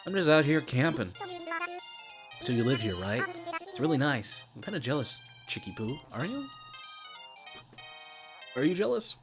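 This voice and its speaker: A teasing, flirty cartoon animal villager, put on by a man in a raised, playful voice. The voice stays cheeky throughout. Game music plays clearly behind it. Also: mid-range voice, very animated, normal speed, pauses often, pitched above the performer's own voice.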